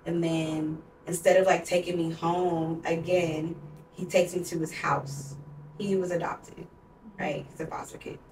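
Low-voiced young woman, roomy distant mic. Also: flat delivery, unhurried, darkish tone, slight background noise. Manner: candid and emotional, heavy use of "like". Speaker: podcast co-host. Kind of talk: personal storytelling on a podcast.

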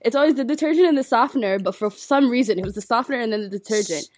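A woman's voice: a little high, racing, darkish tone, no echo, studio quality. A young woman in casual chat, telling a story with plenty of swearing.

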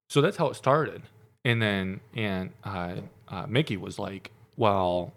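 Young male co-host, slightly low voice, easygoing rambling storyteller. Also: measured pace. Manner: relaxed, rambling, many fillers. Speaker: podcast co-host. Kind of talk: casual storytelling chat.

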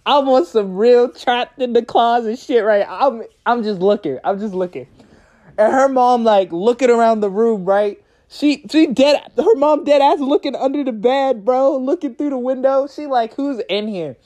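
Animated young man telling a story. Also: very high-pitched, moderate pace. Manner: animated, profane, laughs while telling. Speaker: vlogger. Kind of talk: casual storytime.

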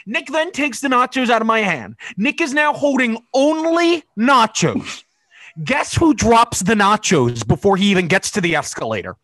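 A man hosting a casual sports podcast, telling animated stories and mimicking his friend's lines. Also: very high voice, normal speed. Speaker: podcast host.

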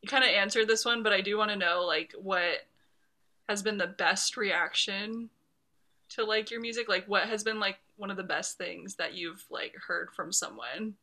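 A woman's voice: medium pitch, moderate pace, pushed and bright. A woman interviewing a musician, asking rambling, casual questions full of fillers.

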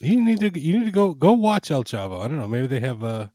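A man's voice: on the high side, quick pace, mellow, a little hiss or hum. A man from Panama co-hosting a podcast in casual chat, rambling, restarting his sentences and swearing casually. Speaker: podcast co-host.

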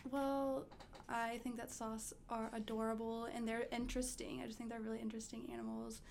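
A woman's voice: on the high side, level tone, fairly quick, gravelly, darkish tone, a little hiss or hum. A young college woman, a podcast guest, answering questions in a hesitant, thoughtful way. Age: young adult. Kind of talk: casual interview.

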